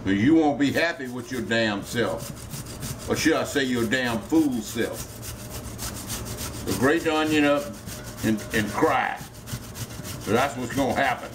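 A man's voice: medium pitch, measured pace, pauses often, noisy background. A man with a Louisiana Cajun accent hosting a home cooking video, folksy and joking, swearing freely as he works. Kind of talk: casual cooking demonstration.

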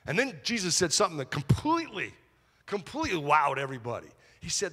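Animated man preaching in a reverberant church. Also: fairly high pitch, quick pace, slightly rough. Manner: animated preaching with call-and-response. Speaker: pastor. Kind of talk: sermon. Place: church auditorium. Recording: long hall reverb.

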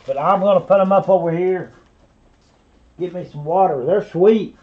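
A man's voice: high voice, a little slow, darkish tone, muffled recording. A man with a Southern US accent running a live online auction, rambling in a folksy way and calling viewers by name. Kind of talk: live-stream auction patter.

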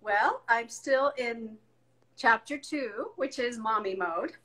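Animated woman telling family stories. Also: on the high side, slow, low-quality recording. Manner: animated storyteller, acts out family voices. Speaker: guest. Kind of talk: casual interview chat.

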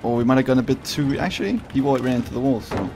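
A man talking through a game as he plays it, quick to get excited and quick to swear. His pitch jumps high when something goes right or wrong. Faint music runs underneath. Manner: excitable, swears often, talks to the opponent. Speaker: gaming video creator. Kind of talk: casual gameplay commentary.

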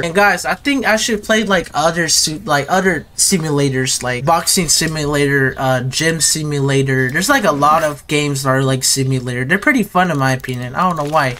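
Hyped, bright-voiced young gamer guy. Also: a little high, a little fast, hardly any pauses, a little hiss or hum. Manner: excitable, slangy, rambling, talks to viewers. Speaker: gaming video creator. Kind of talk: casual gameplay commentary.

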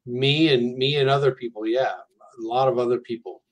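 A man's voice: medium pitch, fairly even intonation, normal speed. A man speaking as a guest in a casual conversation, candid and earnest.

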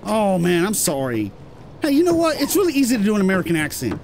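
An excitable British man commenting over a video game. His voice sits high and jumps all over the place. Steady noise runs under the recording. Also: fast. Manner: excitable, swears when surprised. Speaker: gameplay commentator. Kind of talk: let's-play commentary.

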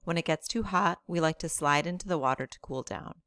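A woman teacher reading a novel aloud to her class in steady, plain narration. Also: deep voice, fairly quick, no room sound.

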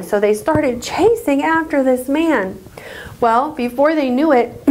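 Halting woman storyteller for children. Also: a little high, darkish tone, poor audio. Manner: halting, with many fillers. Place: church.

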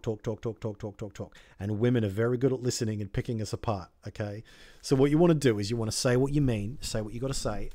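A man's voice: mid-range voice, darkish tone. A young man hosting an advice channel, talking bluntly and directly, swearing freely as he coaches a viewer. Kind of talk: casual advice talk to camera.

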